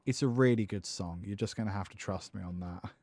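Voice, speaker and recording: On a livestream from his home music studio, a guitarist with a lowish voice talks fairly fast while writing a song. Amused with himself, he makes dry jokes about his own lyrics. Heavy background noise is present.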